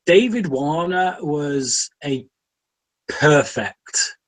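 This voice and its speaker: A man's voice: on the high side, animated, very slow, rough recording. A British man giving his opinions in a casual podcast film discussion, often repeating words as he builds a point. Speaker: podcast panelist.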